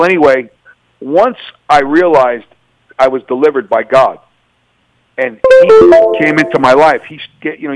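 A man's voice: on the high side, no room sound, poor audio. A middle-aged man, a former police officer, giving personal testimony in an interview and acting out remembered dialogue with energy. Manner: animated, acts out remembered dialogue.

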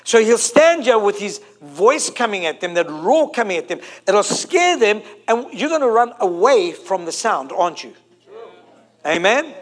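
High-voiced preacher, emphatic. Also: male voice, sing-song, measured pace. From South Africa. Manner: emphatic, repeating phrases and drawing out key words. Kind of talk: sermon.

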